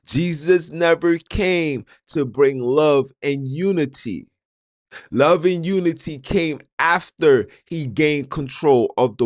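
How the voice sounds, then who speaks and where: Slow, combative male podcast host. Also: mid-range voice, no room sound, studio quality. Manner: challenging, full of rhetorical questions; addresses listeners directly. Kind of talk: argumentative monologue.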